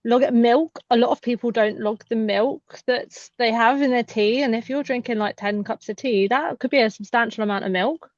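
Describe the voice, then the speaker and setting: A woman's voice: a little high, normal speed, hardly any pauses, no room sound. A woman co-hosting a podcast, explaining in an easy conversational way full of filler "like"s. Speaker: podcast co-host. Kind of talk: casual podcast chat. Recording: dry, muffled sound.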